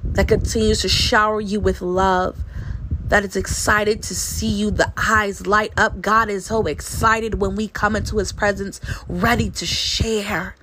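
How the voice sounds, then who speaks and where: A woman's voice: mid-range voice, little pitch movement, a little slow, background noise. Earnest woman in her late twenties preaching. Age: late 20s. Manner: earnest, emphatic repetition. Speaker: Christian speaker. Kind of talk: devotional sermon.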